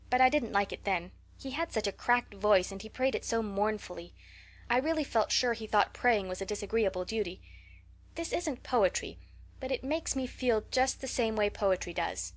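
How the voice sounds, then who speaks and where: A woman's voice: fairly high pitch, close to an everyday voice. A woman reading an audiobook, voicing a talkative, dreamy eleven-year-old orphan girl who gushes in a breathless, romantic way. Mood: eager.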